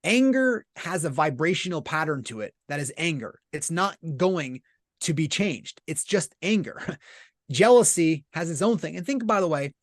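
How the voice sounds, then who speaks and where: A business leader appears as a podcast guest in a casual conversational interview, speaking with a fairly high, very animated voice at a moderate pace. He explains things earnestly, frequently checking in with rhetorical "right?" questions. The sound is dry and close, with no echo.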